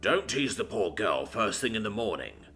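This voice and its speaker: A man voicing a serious male alien captain who speaks formally and calmly. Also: on the low side, vocal fry, faint music behind, heavily acted. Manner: formal, measured, composed.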